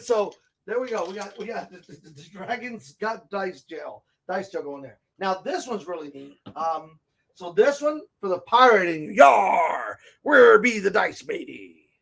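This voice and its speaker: A man hosting a casual gaming-store segment, chatty and excitable as he shows off products, with frequent asides, recorded inside a comic and game shop. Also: high-pitched, moderate pace. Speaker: host of a tabletop gaming segment.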